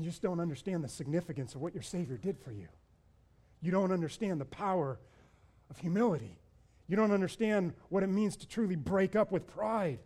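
A man preaching a sermon as pastor, pressing his listeners with rhetorical questions and building to loud, repeated appeals. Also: high voice.

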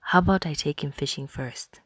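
A woman voicing a gentle young man in love, in a tender whispered role-play. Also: sits low, normal speed, breathy edge, dry recording, studio quality.

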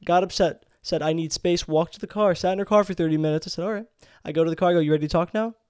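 A man in his twenties, a podcast co-host telling a story in heated, profane, animated casual chat. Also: fairly high pitch, rapid-fire, clear, resonant tone, no echo, clean studio sound. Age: 20s.

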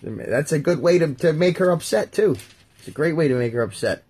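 A man's voice: fairly high pitch, animated, brisk, a little mellow, breathy edge. A man hosting a casual talk, reading Bible verses aloud and joking about them as he goes. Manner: jokey, talks while flipping through pages. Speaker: podcast host reading scripture.

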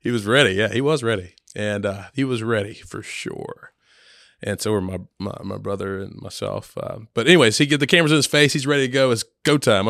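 A man's voice: on the low side, brisk, gravelly, a bit bright, dry recording, clean studio sound. A man chatting casually, telling family stories with frequent laughter and acted-out quotes. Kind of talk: casual storytelling chat.

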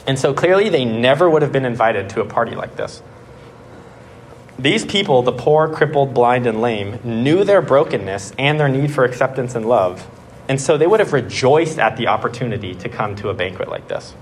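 A young man preaches in a relaxed, chatty way and tells a personal story with growing excitement. His voice sits at an ordinary pitch and is full of "like"s. A faint hiss of room noise sits behind him. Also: a little fast. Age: 20s. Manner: animated storytelling, many "like"s. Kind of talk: casual sermon.

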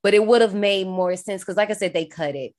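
A woman's voice: mid-range voice, a little fast. A woman, co-hosting a casual chat, talking expressively with lots of laughter. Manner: expressive, laughing, dialect-heavy speech. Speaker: podcast co-host. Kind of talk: casual chat recapping a film.

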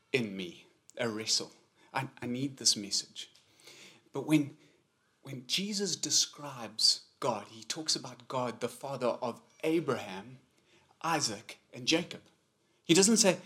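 A middle-aged man preaches with a mid-range voice. He drives some lines loud and fast, then drops to a soft, low hush for others. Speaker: pastor. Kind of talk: sermon.

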